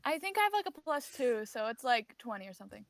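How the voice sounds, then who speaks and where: A woman's voice: a little high, big pitch swings, fast talker, no room sound. A woman playing a tabletop role-play game, hesitant with stumbling starts and giggles. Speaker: player.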